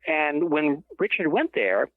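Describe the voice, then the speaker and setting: Over a tinny, dry telephone line, a guest author on an interview show tells a long, rambling story, often stopping mid-sentence to correct himself. His voice is fairly high with big pitch swings, and he speaks slowly.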